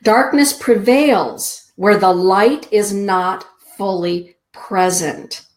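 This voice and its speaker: A middle-aged woman hosting a spiritual show, giving card readings to listeners in a soft, slow, drawn-out inspirational way. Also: mid-range voice. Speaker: show host and card reader.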